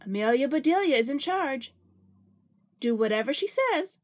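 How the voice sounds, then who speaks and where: A woman voicing a friendly, calm young mother in a storybook reading. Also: high-pitched, normal speed, voice pushed up.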